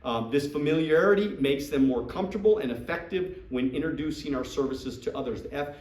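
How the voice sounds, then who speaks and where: The motivational trainer stays emphatic, looping back on key phrases and performing sample sales exchanges. A slightly high, darkish voice moves fairly quickly with lively intonation, picked up from afar in a reverberant room.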